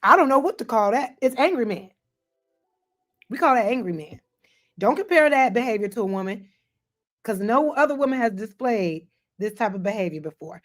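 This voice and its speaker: A woman hosting an online commentary show, reacting to a panel clip in an animated, emphatic way and speaking to her chat. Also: a little high, normal speed, long pauses. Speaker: commentary host.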